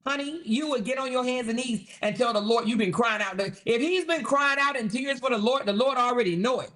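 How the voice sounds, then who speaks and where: A woman's voice: a little high, brisk, a bit bright. A woman hosting a commentary livestream, talking in a blunt, sarcastic, profane way. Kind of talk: casual commentary.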